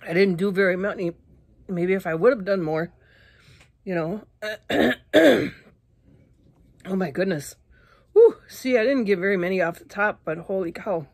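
A woman vlogging casually to her viewers, out of breath and clearing her throat often, talking in halting restarts. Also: lowish voice, darkish tone, no room sound, studio quality. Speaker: YouTuber eating spicy candy. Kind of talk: casual vlog talk to camera.

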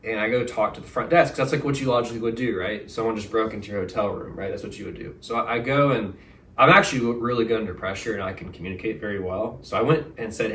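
A young man, a podcast guest, telling a story in a casual, animated way, full of slang. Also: lowish voice, quick pace. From Texas. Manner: animated, slangy, says "bro" and "like" a lot. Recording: roomy, mic at a distance.

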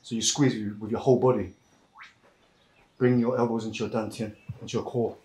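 A man's voice: on the low side, fairly even intonation, brisk, warm tone, echoey room, poor audio. A man working as a massage therapist, chatting casually and laughing often while he massages. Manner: laughs often, loose slangy storytelling.

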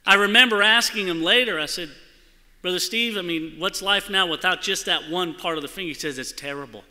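A man preaching a sermon in a church and telling a personal story, animated and acting out the voices in it. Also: high-pitched, a little fast. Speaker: church speaker. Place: church sanctuary. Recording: church hall with long reverb.

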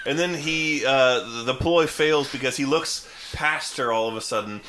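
A man's voice: mid-range voice, a little slow, bright, forceful tone, slight background noise. A man co-hosting a comedy podcast, chiming in with jokes and pop-culture references. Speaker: podcast co-host. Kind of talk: improvised comedic banter.

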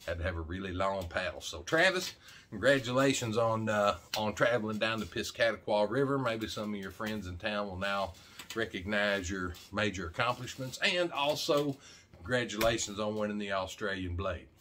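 A folksy, joking middle-aged man from Arkansas, rambling to camera like he's talking to a buddy. His voice sits low but sounds bright and forceful, and he keeps tossing in "man" as he goes. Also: normal speed, slight background noise. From Arkansas, USA. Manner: folksy, jokey, talks straight to camera with a lot of "man". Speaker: channel host. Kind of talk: rambling casual vlog talk.

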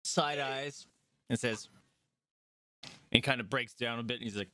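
A man's voice: medium pitch, a little slow, bright, forceful tone, a little hiss or hum. A man narrating as game master, loose and hesitant with fillers.

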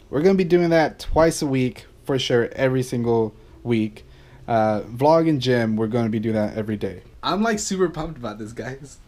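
Upbeat young man vlogging casually. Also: medium pitch. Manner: upbeat, rambling, lots of fillers. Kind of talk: casual vlog talk to camera. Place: at home, then driving in a car.

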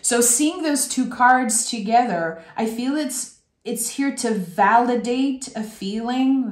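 Female tarot reader, mid pitch, effusive and teary, addressing viewers directly; roomy echo. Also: a little mellow. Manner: effusive, talks straight to the viewer. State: emotional, close to tears. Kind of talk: tarot reading to camera. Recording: echoey room.

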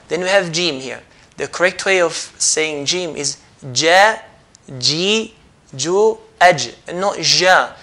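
A man with a bright, ringing voice, pitched a little high for a man, gives a step-by-step pronunciation lesson in recitation. He explains patiently, then demonstrates by drawing each sound out slowly again and again.

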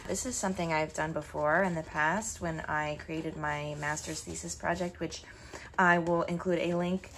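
A woman talking casually and reflectively while she makes a collage, soft-spoken with many ums and pauses, sitting on the floor indoors. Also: sits low, steady tone, a little hiss or hum. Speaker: art vlogger.

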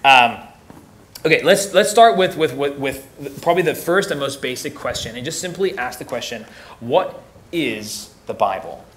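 A man's voice: medium pitch, expressive, moderate pace, fairly bright tone. A young man teaching as a youth pastor in a casual, joking way, often repeating words as he restarts sentences. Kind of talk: casual teaching talk to teens.

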